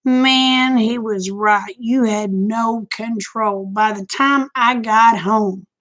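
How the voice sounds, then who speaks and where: A woman's voice: fairly high pitch, fairly even intonation, slow pace, a bit bright. An older woman, chatting casually and telling candid, folksy stories to her stream. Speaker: live-stream host. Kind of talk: casual chat storytelling.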